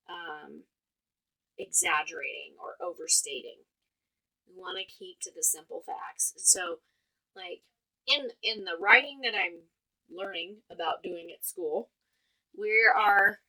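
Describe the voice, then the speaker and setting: A woman's voice: medium pitch, vocal fry, sharp tone, poor audio. A woman, a mother co-hosting a podcast, explaining communication tips casually while thinking aloud with fillers. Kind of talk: casual advice chat.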